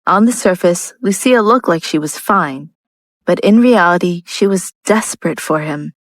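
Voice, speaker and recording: A woman narrating a romance audiobook in a steady, even reading style. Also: lowish voice, moderate pace, no room sound, low-quality recording. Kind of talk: scripted narration.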